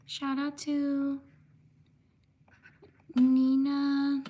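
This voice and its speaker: A woman livestreamer giving slow, careful shout-outs to viewers while writing their names by hand, often apologizing for pronunciation. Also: high-pitched, completely flat delivery.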